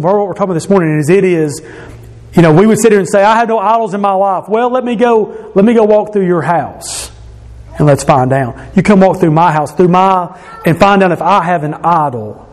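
Earnest male preacher, slightly high voice. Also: a little mellow. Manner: earnest, conversational preaching with many restarts. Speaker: pastor. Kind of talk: sermon.

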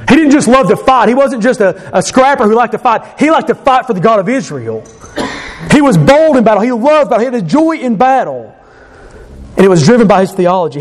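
A man's voice: sits high, a little mellow. A male pastor preaching a sermon who retells a scripture story with emphatic repetition.

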